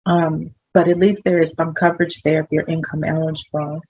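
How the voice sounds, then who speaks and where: A woman hospital social worker, a guest in a conversational interview, explaining things in a measured way with some fillers. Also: sits low, level tone, darkish tone, low-quality recording.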